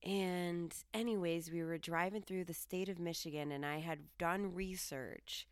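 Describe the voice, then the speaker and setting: A woman from Colorado telling a story casually as a podcast host, jumping up in pitch when she quotes herself. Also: a little slow, clear, resonant tone, no room sound, clean studio sound. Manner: lively, jumps high when quoting herself.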